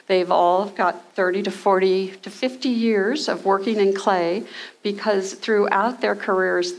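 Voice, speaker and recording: Chatty woman moderator in a gallery. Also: medium pitch. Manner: chatty, encouraging. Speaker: panel moderator introducing artists. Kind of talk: casual live introduction. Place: gallery, before an audience.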